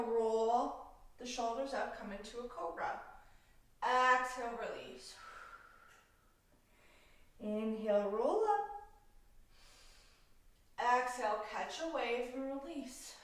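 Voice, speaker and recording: Slow, roomy yoga teacher woman. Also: high voice, distant mic. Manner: calm cueing of breath and poses, playful asides. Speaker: yoga instructor. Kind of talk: guided yoga class instruction. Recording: roomy echo, voice from off mic.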